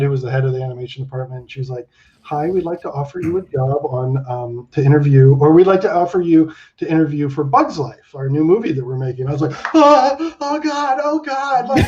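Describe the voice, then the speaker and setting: A man around fifty telling stories as an interview guest, animated and swearing, acting out the people he quotes. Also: a little high. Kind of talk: casual interview storytelling. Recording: dull lo-fi sound.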